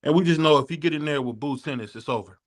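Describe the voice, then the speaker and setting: A man hosting a boxing podcast, loose and casual, giving shout-outs and asking questions. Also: a little high, fast. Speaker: podcast host.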